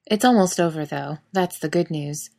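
A woman's voice: low-pitched, normal speed, vocal fry, darkish tone. Wry woman narrating a story. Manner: wry, sardonic.

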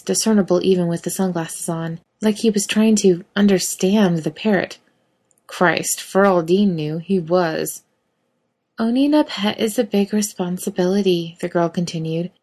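Low-voiced woman reading a story. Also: darkish tone. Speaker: narrator. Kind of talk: reading fan fiction aloud.

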